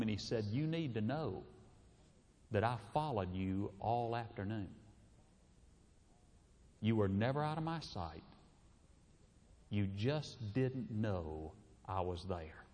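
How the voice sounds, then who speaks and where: A man's voice: medium pitch, mellow. A middle-aged man, telling a homespun story in a sermon as a preacher, folksy and chuckling. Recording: reverberant hall.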